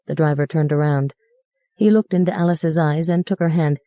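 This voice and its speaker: A woman narrating a story aloud in an even, measured reading. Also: low voice, dry recording. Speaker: audiobook narrator. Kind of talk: scripted narration.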